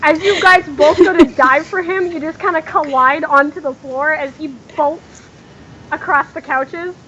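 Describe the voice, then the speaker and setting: A woman narrating as game master in a tabletop game, talking haltingly with many fillers and restarts. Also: high voice, fairly even intonation, fairly bright tone, slight background noise, poor audio.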